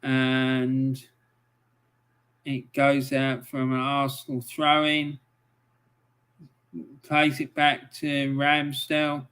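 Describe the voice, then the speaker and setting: A man giving live match commentary on a stream, swearing often and breaking into angry outbursts between calm play-by-play. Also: medium pitch, extremely slow, pauses often, smooth.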